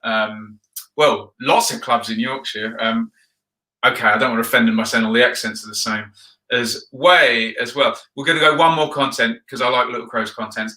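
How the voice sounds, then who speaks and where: A man's voice: mid-range voice, fairly even intonation, moderate pace, sharp tone. A man hosting a football video, chatting casually and rambling with frequent ums while he reads out viewer comments. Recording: roomy echo.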